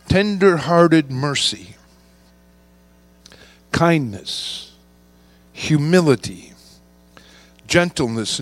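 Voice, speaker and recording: A man preaching a sermon, reading scripture and slowing down to stress key words. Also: on the high side, no room sound. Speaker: pastor.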